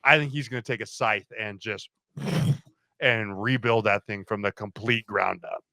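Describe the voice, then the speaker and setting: A man in his thirties, a podcast guest chatting casually about football, who acts out quotes in lively stories and laughs often. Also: fairly low pitch, unhurried, no room sound, clean studio sound. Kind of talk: casual sports chat.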